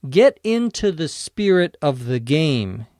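A man gives a light reading of a rowdy adult male fan in the stands, taunting the other team. The voice sits a little high and moves at a slow, deliberate pace. The sound is dry and close. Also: big pitch swings, no echo. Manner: loud taunting yells.

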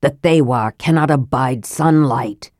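A sharp-tongued young mage who hisses his remarks caustically, as a woman reader plays him. His voice is low and sits dry and close. He sounds like a sardonic spellcaster in a storybook. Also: unhurried, no room sound. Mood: caustic. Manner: hissing, caustic.

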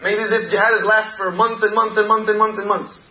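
Man doing a scheming tempter devil, persuasive questioning, high voice, dull sound. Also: little pitch movement, a little fast, roomy sound, close to an everyday voice. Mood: coaxing.

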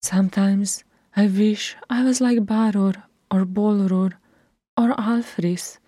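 A woman reader voicing a reserved young singer who speaks quietly and guardedly in a fan-read audiobook. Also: medium pitch, steady tone, takes it slowly, no echo, clean studio sound, pitched above the performer's own voice. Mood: wistful.

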